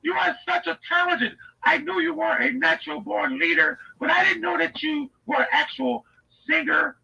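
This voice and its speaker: A man putting on a fawning high-voiced woman. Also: moderate pace, distant mic, highs cut off, heavily acted. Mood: gushing. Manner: sugary, flattering, breathy squeals. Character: fawning, gushing woman juror.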